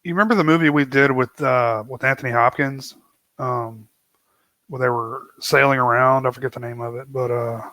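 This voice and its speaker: Man with a sharp bright voice, casual movie chat, relaxed short replies, dry close sound. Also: medium pitch, moderate pace, no room sound. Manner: laid-back, brief agreeing replies. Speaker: podcast co-host.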